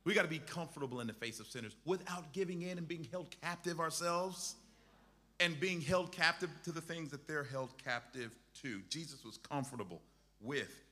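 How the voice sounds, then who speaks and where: A man's voice: fairly high pitch, moderate pace, bright, forceful tone, long reverb tail. A male pastor preaching a sermon with impassioned, repetitive exhortations.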